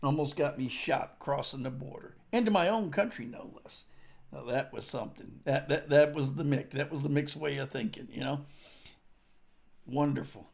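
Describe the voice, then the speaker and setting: Gravelly man rambling through a story. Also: medium pitch, normal speed, a little mellow. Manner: casual, profane, with many fillers. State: grieving. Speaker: storyteller at a tribute. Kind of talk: rambling spoken anecdote.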